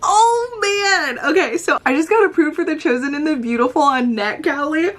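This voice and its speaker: Excitable, high-voiced woman book vlogger. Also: normal speed, hardly any pauses. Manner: excitable, laughs often, swings from calm recap to giddy outbursts. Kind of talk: casual reading vlog.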